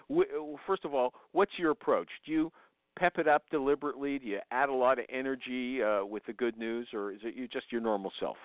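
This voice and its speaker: A man's voice: a little high, animated, fast talker, no echo. A man hosting a call-in talk show, pressing his guests with probing questions. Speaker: host. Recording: dry, tinny phone-like sound.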